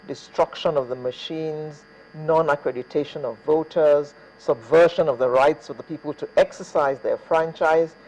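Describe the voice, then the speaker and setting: A man with a somewhat high voice hosting a morning TV talk show from a studio. He talks in a loose, chatty way, often pausing with fillers, and introduces the guests. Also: darkish tone, rough recording. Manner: chatty, hesitant fillers, reads names off a list. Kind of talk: TV news talk show presenting.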